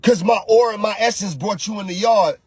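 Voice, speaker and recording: A man hosting a casual motivational talk as a spiritual coach, animated and preachy, slangy and often shouting. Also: high voice, a little fast, slightly rough, dry recording.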